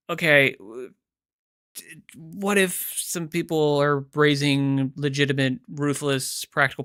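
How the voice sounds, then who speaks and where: A man hosting a reaction video, casual and sarcastic, animated and exasperated as he comments. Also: a little high, clean tone, no echo, clean studio sound.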